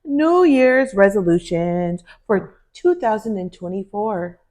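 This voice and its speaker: A woman co-hosting a podcast in casual chat, telling stories in an animated, playful way. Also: medium pitch, takes it slowly. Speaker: podcast co-host.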